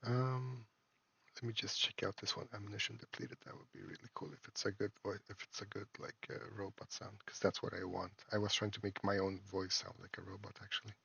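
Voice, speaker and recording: A man, an indie game developer and a father, talks through his game in a casual devlog, halting and full of fillers and restarts. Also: on the low side, little pitch movement, gravelly, a bit bright, breathy edge, dry recording. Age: adult, a parent. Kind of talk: casual screen-recorded devlog.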